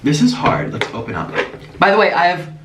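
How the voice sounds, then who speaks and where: A man vlogging as he eats, chatty and animated, breaking off with sudden gasps and exclamations. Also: sits high, a little fast. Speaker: mukbang vlogger. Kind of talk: casual chat while eating. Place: echoey room at home. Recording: echoey room, voice from a distance, faint noise.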